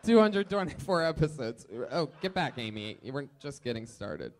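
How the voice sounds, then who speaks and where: High-voiced hyped comedy show host. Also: male voice, sing-song, moderate pace. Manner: hyped announcer intros that swing to quiet banter. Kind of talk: live comedy podcast hosting.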